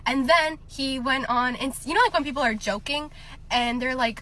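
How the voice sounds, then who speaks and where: Young woman, chatty storytime teller, laughs a lot, brightish higher voice. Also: normal speed. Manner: chatty, laughing often, many fillers. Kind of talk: casual storytime.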